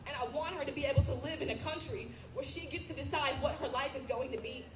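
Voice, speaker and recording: A woman's voice: high voice, fast talker, music in the background. Emotional young woman speaking at a rally. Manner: emotional and earnest, with fillers. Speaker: student body president. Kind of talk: personal protest speech. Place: outdoor protest rally. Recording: echoey outdoor sound with background noise.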